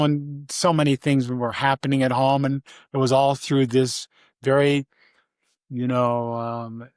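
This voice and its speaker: Older man telling stories, dry close sound. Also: dry recording. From Vermont, USA. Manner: rambling, halting, with many restarts and fillers; briefly mimics his mother in a high voice. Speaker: interview guest. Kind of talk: casual storytelling interview.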